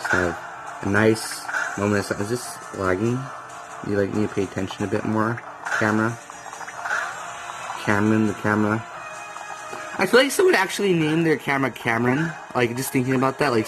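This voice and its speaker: A young man rambling through casual gameplay commentary, now and then bursting into comic yells. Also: on the low side, poor audio. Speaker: let's play gamer. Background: video game music.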